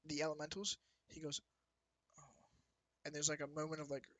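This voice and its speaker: A man runs a tabletop game, his voice pitched a little high and very bright. He narrates loosely, circling back and restarting mid-thought. The sound is dry and close. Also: completely flat delivery, fast, no echo, low-quality recording. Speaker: dungeon master.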